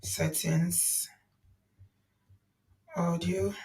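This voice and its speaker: A woman's voice: fairly low pitch, level tone, extremely slow, darkish tone, distant mic. Nigerian female host, loose and chatty, recorded slightly off-mic. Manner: chatty, laughs often, mixes in Yoruba words. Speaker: host reacting to a video. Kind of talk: casual reaction chat.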